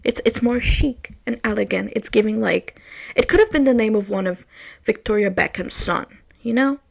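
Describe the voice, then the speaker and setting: A young woman, hosting her own podcast and telling a story in casual chat, swinging from loud outbursts to hushed asides. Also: on the high side, normal speed, vocal fry. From Quebec, Canada. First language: French. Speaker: podcast host.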